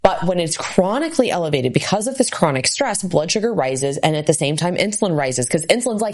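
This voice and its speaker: A woman with a slightly low voice talks through health topics on a casual podcast. She explains things quickly and conversationally, with plenty of fillers along the way. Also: very animated. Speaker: podcast host, health practitioner.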